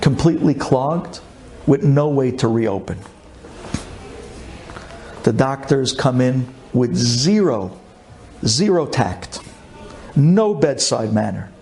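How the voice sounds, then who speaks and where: A rabbi giving an impassioned storytelling sermon, fervent and pleading, repeating phrases and swinging from low calm to high emotional cries. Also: male voice, slow pace, creaky, long pauses, a little hiss or hum. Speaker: rabbi telling an inspirational story.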